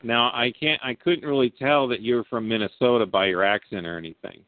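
A man's voice: mid-range voice, brisk, no room sound. A man in his forties interviewing an old friend in a chummy, joking way, with casual slang. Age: 40s. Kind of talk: casual conversation. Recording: dry phone-like narrow band.

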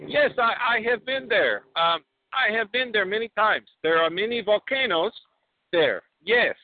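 A man playing a halting, excitable foreign reporter in broken English, pitched high, on a dry phone line. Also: dry recording. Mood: excited, bumbling. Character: boastful foreign male TV reporter, bumbling. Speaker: prank caller.

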